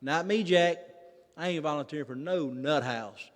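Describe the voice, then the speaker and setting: A man's voice: on the high side, moderate pace. Mississippi man telling a story in a big hall. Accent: Mississippi Southern. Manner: folksy, self-mocking storyteller who acts out quoted people. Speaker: recovery meeting speaker. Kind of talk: humorous personal story told to a convention audience. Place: large convention hall. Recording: long reverb of a convention hall.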